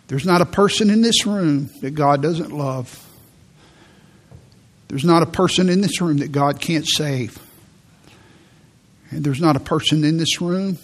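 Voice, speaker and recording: A man giving a sermon as a pastor, preaching in a church with slow, emphatic delivery and repeated key words. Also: on the high side, husky. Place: church sanctuary.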